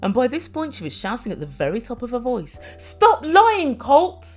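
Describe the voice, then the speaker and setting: Woman with a slightly high voice, a chatty and sarcastic reality TV reviewer doing a casual recap. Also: sing-song, quick pace, a little mellow, soft background music. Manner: chatty and sarcastic, voicing quotes.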